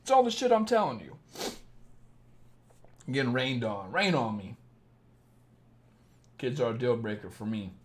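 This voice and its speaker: A young man with a Southern Illinois accent hosts a late-night livestream as a dating coach. He talks bluntly and harshly, swearing often. His pitch swings widely as he talks. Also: sing-song, measured pace, long pauses.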